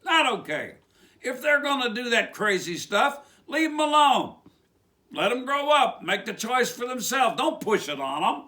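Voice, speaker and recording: Lively high West Virginia-accented preacher man. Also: normal speed. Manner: rambling, with rhetorical questions. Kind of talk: informal sermon monologue.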